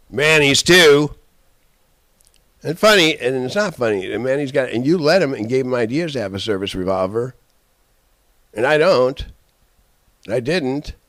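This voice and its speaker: A man in a rambling, profane personal rant, swinging between shouting and muttering. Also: mid-range voice, no room sound. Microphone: handheld camera.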